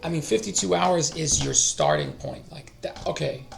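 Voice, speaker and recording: Gravelly, rambling middle-aged man. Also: on the high side, huge pitch swings, normal speed, slight background noise. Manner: rambling, thinks aloud, trails off and restarts. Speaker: language-learning streamer. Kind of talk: casual live-stream talk.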